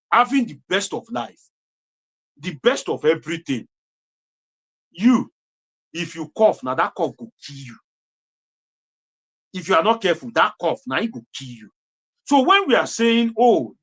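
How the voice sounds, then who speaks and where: Impassioned Nigerian man with lively pitch. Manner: preachy, repeats phrases for emphasis, mixes in Pidgin. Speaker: political commentator. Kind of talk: impassioned political commentary.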